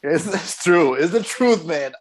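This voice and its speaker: A man's voice: on the high side, lively intonation, a little slow, a crowd in the background. A young man co-hosting a podcast, telling a long story in a rambling way, full of restarts and "man.". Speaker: podcast co-host. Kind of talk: casual chat.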